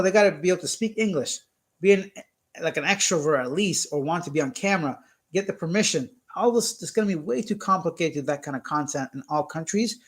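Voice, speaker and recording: A young man from Canada hosts a relaxed live stream, reading out comments from his viewers. His voice sits a little high for a man, and he keeps things playful and teasing, breaking into laughter often. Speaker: YouTube channel host. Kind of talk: casual live-stream chat.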